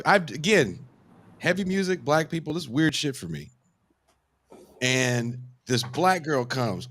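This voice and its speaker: A man's voice: medium pitch, sing-song, a little slow, fairly bright tone. A man from the US West Coast telling a casual podcast anecdote, acting out quotes and swearing freely.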